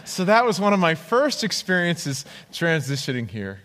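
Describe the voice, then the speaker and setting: A man with a somewhat high voice preaches in a church hall with a long, ringing echo. He tells his testimony as an animated story and acts out the voices of the people in it. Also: normal speed. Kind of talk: sermon with personal testimony.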